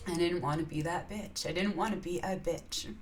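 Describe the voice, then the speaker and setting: A woman with a lowish voice chats casually in a vlog about spiritual reflections at a moderate pace, with slight background noise. She rambles, laughs often and uses many filler "yeahs."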